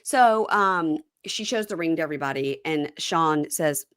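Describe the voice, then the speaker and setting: A woman's voice: low-pitched, animated, normal speed, fairly bright tone, no echo, studio quality. A woman co-hosting a podcast, chatting casually as she retells a reality show episode. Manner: chatty storyteller, acts out quotes. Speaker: podcast co-host. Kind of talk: casual recap chat.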